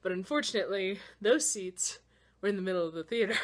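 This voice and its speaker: A young woman giving a casual, excitable movie reaction rant, swearing freely and swinging between loud outbursts and low mutters, a little winded. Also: fairly quick. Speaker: vlogger.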